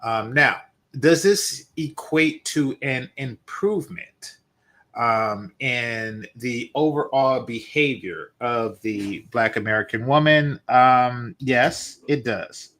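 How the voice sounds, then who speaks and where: A man's voice: mid-range voice, slow pace, fairly bright tone. Man in his forties giving casual commentary. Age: 40s. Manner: conversational, opinionated, addressing viewers. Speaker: host.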